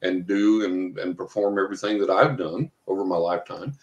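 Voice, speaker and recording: A man's voice: low voice, a little fast, highs cut off. An older man telling long anecdotes in an interview, full of fillers and acted-out quotes. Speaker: guest, psychic investigator. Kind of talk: storytelling in an interview. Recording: echoey room.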